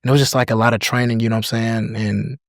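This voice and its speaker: A young man from the United States, a podcast guest in casual chat, relaxed and full of "you know" and "like" fillers, now and then imitating accents. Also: mid-range voice, racing, gravelly, no echo, clean studio sound. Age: young adult.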